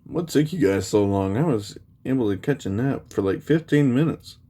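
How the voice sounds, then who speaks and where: A man's voice: medium pitch, expressive, moderate pace, warm tone, natural voice. A man doing a cocky teenage boy hero.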